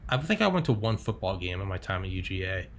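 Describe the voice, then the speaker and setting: Podcast host guy, kinda low voice, rambly, lots of likes and swearing. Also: big pitch swings, quick pace, fairly bright tone, slight background noise. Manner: rambling, heavy on fillers and swearing. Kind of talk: casual chat.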